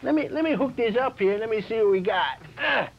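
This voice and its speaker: A man's voice: very high-pitched, lively intonation, fairly quick, vocal fry. A man performing a comedic sketch intro, hesitant and fumbling with fillers. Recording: lo-fi 1990s cable tape with faint hiss.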